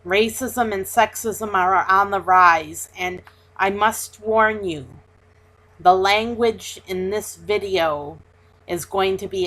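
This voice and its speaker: A woman vlogger telling the story of her day in an earnest, deliberate way, pausing and restarting as she goes. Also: mid-range voice, fairly bright tone, low-quality recording. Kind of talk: personal video commentary.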